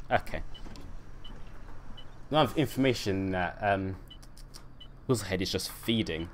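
A man's voice: deep voice, a little hiss or hum. A young man chatting on a live stream while playing a game, reading and answering his chat and laughing often.

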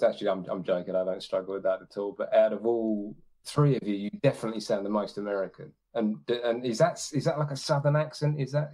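A man's voice: fairly low pitch, a little mellow. A man chatting as a podcast guest, hesitant, with lots of ums and restarts. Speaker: guest, long-distance hiker. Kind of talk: casual podcast chat.

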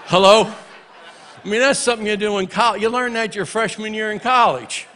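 At a church memorial, a minister in his late sixties gives a eulogy for an old friend, telling humorous anecdotes and breaking into shouts of praise between them. His voice is a little high for a man, and he speaks at a moderate pace.

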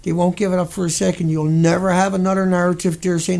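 A man's voice: high voice, flat delivery, fast talker, gravelly, a little mellow. A man hosting a livestream, ranting in an indignant, profane, rambling way. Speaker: livestream host. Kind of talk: angry livestream rant.

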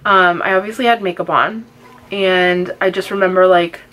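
A woman's voice: on the low side, fairly even intonation, moderate pace, fairly bright tone. A young woman, casually telling a personal story to camera with lots of fillers and acted-out quotes. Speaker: vlogger. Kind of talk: chatty get-ready-with-me storytelling.

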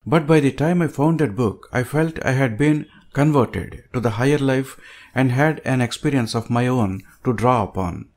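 A man reads an old book aloud as an audiobook. His voice sits at a middling pitch. His delivery is measured and emphatic. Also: darkish tone. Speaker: audiobook reader. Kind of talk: audiobook reading.

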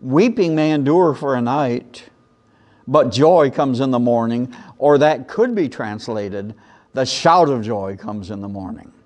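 A male pastor preaching a sermon with lively emphasis, reciting and chanting scripture lines. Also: medium pitch, a little slow.

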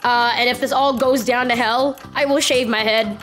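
A young woman streaming live with a high-pitched voice. She rambles to chat, swearing casually, with faint game music underneath. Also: fairly even intonation, normal speed. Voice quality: profane, rambling.

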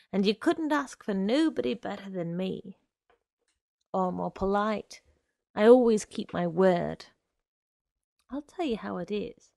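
A menacing young man who coaxes and insists, slow and gravelly, read by a woman. The voice stays dry and close, with no room around it. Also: medium pitch, a little mellow, no room sound. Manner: coaxing, insistent.

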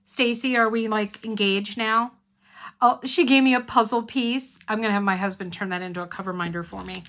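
A woman hosts a casual craft unboxing vlog in a slow, unhurried way. She gushes over each item and chats warmly with her viewers. Her voice sits at a middle pitch. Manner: gushing, chatty, addresses viewers as guys. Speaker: craft channel host.

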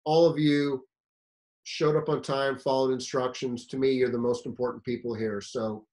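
A man voicing a calm, courteous male fire chief who speaks firmly and formally. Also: medium pitch, moderate pace, natural voice. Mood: polite firm.

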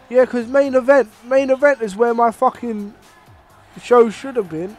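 A young man giving casual, excitable, swearing play-by-play commentary over a wrestling video game. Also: extremely high pitch, measured pace, soft background music. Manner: excitable and profane, with sudden outbursts. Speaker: gaming channel host.

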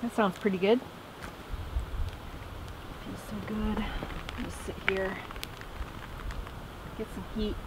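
A woman's voice: mid-range voice, steady tone, takes it slowly, pauses often, noisy background. A woman chatting casually as she vlogs from her off-grid tent camp in the woods, often talking fondly to her dog. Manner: chatty, talks to her dog in a soft fond voice. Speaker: vlogger. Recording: background music over the voice.

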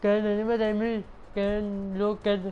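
A man streaming a game, talking in halting, repetitive English mixed with Hindi. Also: sits high, completely flat delivery, muffled recording, noisy background. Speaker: gaming streamer. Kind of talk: casual live-stream chat.

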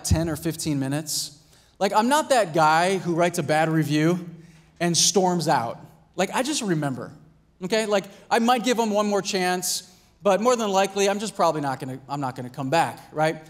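A pastor preaching a sermon in a conversational way, acting out little scenes and asking "right?" and "Amen?". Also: male voice, high-pitched. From United States. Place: church hall.

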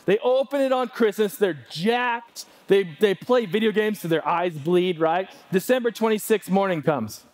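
Man preaching with animated pleading. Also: high voice, normal speed, hardly any pauses, no echo. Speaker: pastor. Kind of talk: sermon.

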